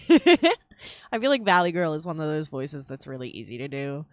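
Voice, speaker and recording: A woman's voice: sits low, animated, fast talker, no echo, studio quality. A woman chatting casually while drawing on a live stream, swearing freely and laughing easily. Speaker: streaming artist. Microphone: headset.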